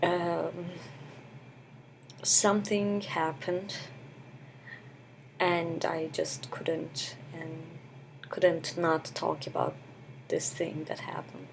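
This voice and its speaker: Woman radio host, really slow, lots of ums, slightly low voice. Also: little pitch movement, vocal fry, slight background noise. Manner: hesitant, with many ums and restarts. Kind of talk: casual spoken introduction.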